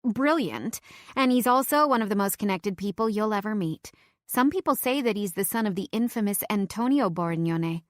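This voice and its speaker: A woman's voice: medium pitch, animated, normal speed, dry recording, studio quality, lightly acted. A woman voicing a gossipy, well-informed college girl who talks in a confiding way.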